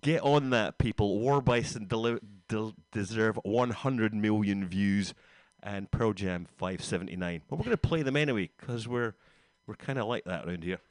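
Wry radio DJ with a deepish voice. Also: male voice, moderate pace, no echo. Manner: relaxed, wry, chatty. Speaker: radio host, DJ. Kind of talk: casual radio chat. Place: radio studio.

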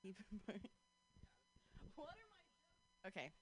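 A woman stand-up comedian works the crowd during a casual set on a street corner outdoors, saying "like" often and laughing at her jokes. Her medium-pitched, husky voice swings hugely in pitch at a moderate pace. The recording is dry.

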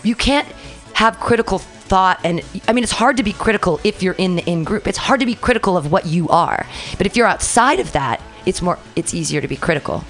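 A woman comedian talking in a casual podcast chat, loud and effusive as she tells stories. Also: medium pitch, a little fast, soft background music. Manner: effusive, animated, loud storytelling. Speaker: comedian guest.

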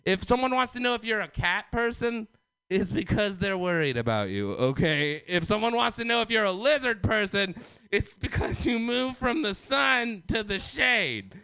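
Male open-mic comic, loud manic ranter, high and bright, unhurried delivery. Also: expressive, smooth, no room sound. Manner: loud, manic, conspiratorial ranting. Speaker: stand-up comedian. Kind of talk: open mic stand-up set.

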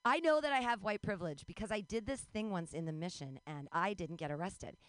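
A woman's voice: mid-range voice, animated, brisk, no room sound. A woman in her forties doing a rambling, bawdy stand-up comedy set, breaking into squeals and laughs. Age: 40s.

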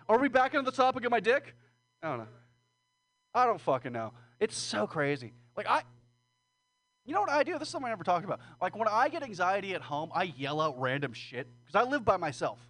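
In a small comedy room with an audience, a man rambles through a profane open-mic stand-up set, frequently making fun of himself. His voice is high and a bit bright.

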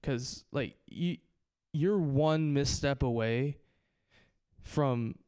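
A man from Hawaii with a clear, smooth voice doing a live stand-up bit. He hesitates often and leans on fillers. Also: medium pitch, drawn-out words, darkish tone. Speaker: stand-up comedian. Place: comedy club stage.

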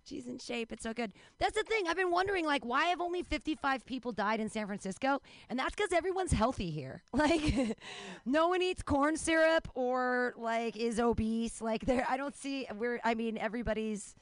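A woman's voice: sits high, animated, moderate pace, dry recording. A woman hosting a comedy show, cheering the crowd and chatting in a bubbly way.

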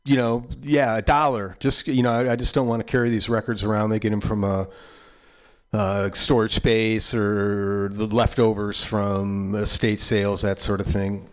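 A man in his sixties hosting a community radio show, chatting casually between records in a rambling, halting way. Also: on the low side, little pitch movement.

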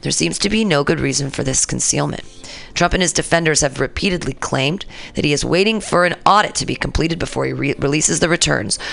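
A woman's voice: sits low, creaky, a bit bright. A woman hosting a radio show, ranting casually and profanely about politics and talking back to the news. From San Francisco area. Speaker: radio host.

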